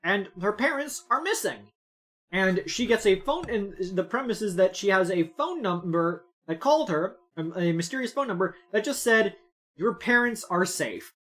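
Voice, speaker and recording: A woman's voice: mid-range voice, lively intonation, normal speed. A woman streamer chatting casually while playing a visual novel game, amused and rambling. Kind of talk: casual gameplay commentary.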